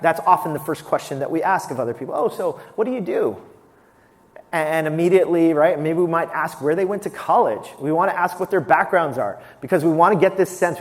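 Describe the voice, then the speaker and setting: A man in his forties, a pastor giving a candid, conversational sermon with self-deprecating humor. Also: a little high. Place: church sanctuary. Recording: long hall reverb.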